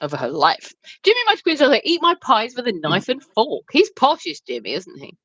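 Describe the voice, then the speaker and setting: A woman's voice: on the high side, wildly swooping pitch, fairly quick, fairly bright tone, breathy edge, dry recording, highs cut off. A British woman co-hosting a livestream, chatty and giggly as she reads viewer comments aloud. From United Kingdom. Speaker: co-host reading chat. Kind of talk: casual livestream chat.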